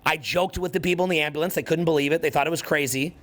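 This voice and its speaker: A man's voice: a little high, rapid-fire, a bit bright. Fired-up, swearing man in his forties. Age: 40s. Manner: profane, intense and emphatic, hammering points through repetition. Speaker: social skills coach. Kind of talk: motivational talk to an audience.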